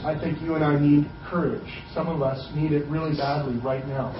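A man preaching a sermon in a casual, conversational way, slipping into quick acted asides. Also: on the high side, flat delivery, background noise. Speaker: pastor. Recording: roomy, distant, dull sermon recording.

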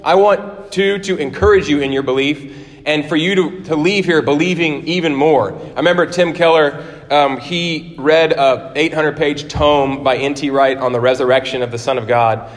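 A man preaching an Easter sermon as pastor, earnest and conversational, often restarting his sentences and adding asides. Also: on the high side. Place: church sanctuary. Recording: church hall reverb.

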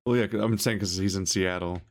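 A man's voice: low voice, fairly even intonation, brisk. An American man in casual podcast chat, joking and sarcastic, laughing often. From United States.

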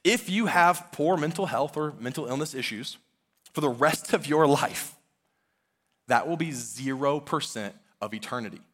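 A man's voice: a little high, normal speed, a bit bright. A man in his thirties preaching a sermon, earnest and conversational, often using casual fillers. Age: 30s. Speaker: pastor.

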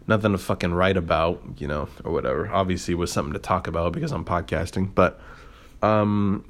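A young man hosting a podcast, telling a story in a rambling, profane, filler-heavy way with a sarcastic edge. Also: sits low. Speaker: podcast host. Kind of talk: casual storytelling monologue.

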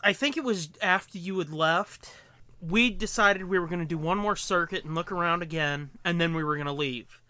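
A man co-hosting a podcast, telling a story in casual chat, animated and profane, acting out quotes. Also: high-pitched, moderate pace, no echo. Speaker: podcast co-host.

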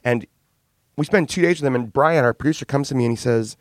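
A man, a band's frontman, telling candid, animated studio stories in a casual interview, with swearing and laughs. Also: mid-range voice, fast, dry recording. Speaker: band frontman and singer.

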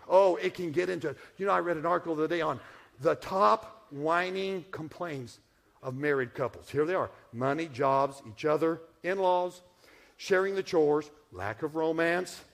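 A middle-aged man preaching a sermon in a folksy, humorous way, swinging from hushed asides to loud punchlines. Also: a little high, creaky. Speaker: pastor.

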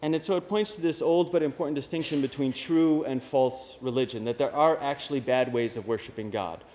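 A male Dominican priest gives a conversational homily with wry asides. His voice is mid-pitched, with a long reverb from the church around him. The recording is dull and lo-fi. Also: a little fast, a little mellow.

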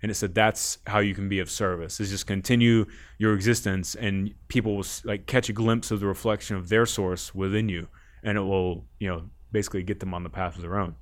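A man's voice: lowish voice, fairly even intonation, a little fast. A man guest on a podcast, telling a rambling story in casual talk, often laughing and swearing.

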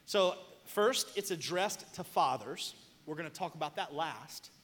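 A young man from the southern United States preaching a sermon, telling stories animatedly and bursting into shouts. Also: fairly high pitch, lively intonation, unhurried. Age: young adult. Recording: long hall reverb.

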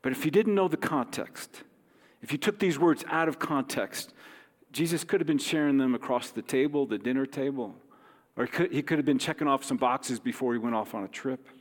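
A man, a pastor, giving a sermon in a gentle, conversational way with light humor. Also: medium pitch, a little fast. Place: church sanctuary. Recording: long hall reverb.

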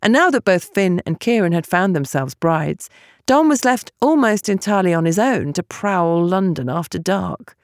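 A woman narrating a novel as an audiobook, with expressive storytelling. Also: lowish voice, moderate pace, no echo, clean studio sound.

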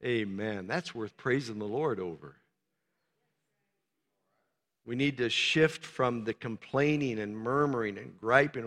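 A man preaching a sermon as pastor, swinging from soft, low talk to loud, emphatic shouting. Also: slow pace. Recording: long reverb of a large hall.

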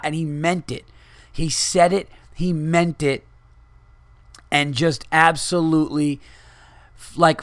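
A man's voice: mid-range voice, no room sound. Profane, rambling male comedian telling stories. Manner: profane, rambling, animated storytelling. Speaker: podcast host, comedian. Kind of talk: casual storytelling monologue.

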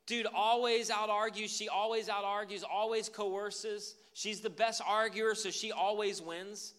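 A man preaching a sermon as pastor, animated and conversational. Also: high voice, unhurried.

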